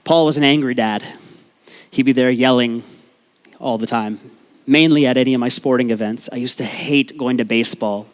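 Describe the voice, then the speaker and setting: Speaking a little fast at medium pitch, a young man from Canada performs comedic personal storytelling at a live event. He pokes fun at himself and swears freely on stage.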